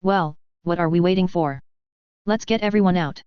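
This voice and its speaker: Brief: gruff mustached American soldier, grumbling and coarse, read by a woman, low voice, dry recording. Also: moderate pace, no room sound, close to an everyday voice. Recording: dry, slightly dull home recording.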